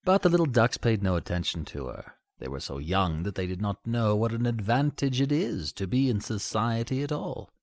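A man narrating a fairy tale in an expressive storytelling manner. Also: on the low side, normal speed, few pauses, no echo, studio quality.

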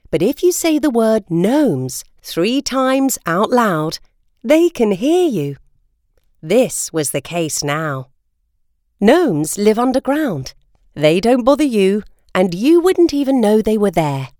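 A woman reading a children's storybook aloud. Her pitch dances lively through each sentence as she tells the tale. The recording is close and dry. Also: no echo. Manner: expressive, lilting storytelling. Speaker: narrator. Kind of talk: storybook read-aloud narration.

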